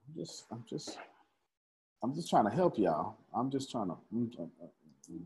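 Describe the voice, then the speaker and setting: A man's voice: mid-range voice, sing-song, normal speed, a little mellow. A man leading a live group lesson, repeating his points and calling on listeners by name. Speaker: teacher of a study group. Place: room with a small live audience.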